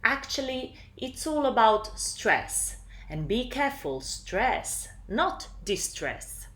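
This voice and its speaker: Slow, lively woman teaching. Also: a little high, echoey room. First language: Italian. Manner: slow, deliberate teaching delivery. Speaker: English teacher. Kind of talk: recorded lesson narration.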